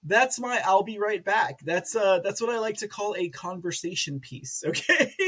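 Giggly guy from texas rambling on his livestream, kinda high voice. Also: expressive, moderate pace, sharp tone. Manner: giggly, rambling, self-mocking. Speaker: livestream host reading chat. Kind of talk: casual live commentary.

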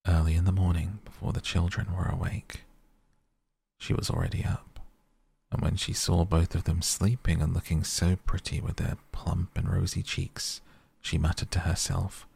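A man reads a bedtime fairy tale in a soft, low, gravelly voice, sinking now and then into a breathy near-whisper. His delivery stays level and unhurried, close and dry. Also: little pitch movement, no room sound. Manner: soft, slow, half-whispered at times. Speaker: sleep podcast reader. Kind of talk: softly spoken bedtime storytelling.

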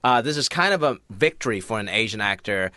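A man who is an actor and a guest on a podcast, telling lively stories in casual chat, a native Mandarin speaker. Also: fairly low pitch, dry recording, clean studio sound. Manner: lively storyteller, quick laughs.

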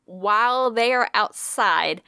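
A woman's voice: mid-range voice, takes it slowly, pushed and bright, smooth, no echo, studio quality. A woman co-hosting a podcast, telling a ghost story in casual chat, swearing freely and using lots of fillers.

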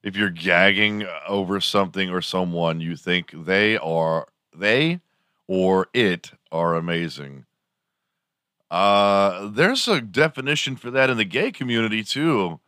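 A man's voice: lowish voice, measured pace, bright, forceful tone, no room sound, clean studio sound. A man hosting a morning show, rambling through a crude, sarcastic comedic monologue.

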